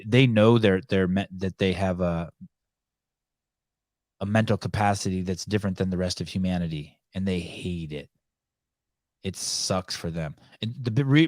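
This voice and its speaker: A man hosting a live call-in podcast, talking in a rambling, halting way with many restarts. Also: low-pitched, darkish tone, no room sound, studio quality. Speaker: podcast host.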